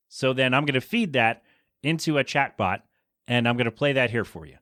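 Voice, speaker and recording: A man's voice: mid-range voice, expressive, a little fast, fairly bright tone, no room sound, studio quality. A man hosting his own podcast, chatting casually on his own and rambling, restarting his sentences and voicing blunt opinions. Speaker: podcast host. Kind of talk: casual solo podcast chat.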